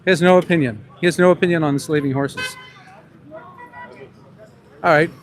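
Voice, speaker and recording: This vlogger, an animal rights activist doing street vox-pops, keeps shouting one question at people passing by on a busy city street next to a park. He talks at a moderate pace in a fairly high voice.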